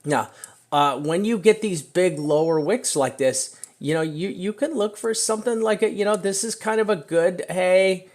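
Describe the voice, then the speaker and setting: A slightly high-voiced man talks through trading charts at his desk in a loose, casual way. He piles on fillers and keeps checking in with "right?", and he slows down to hammer home his warnings. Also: a little mellow. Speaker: crypto chart analyst.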